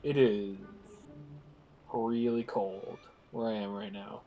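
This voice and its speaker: A man's voice: on the low side, fairly even intonation, slow pace, warm tone, soft background music. Stuffy-nosed man rambling on stream. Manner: rambling, filler-heavy, jokey. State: stuffed-up nose. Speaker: guest co-streamer. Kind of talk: casual stream chat.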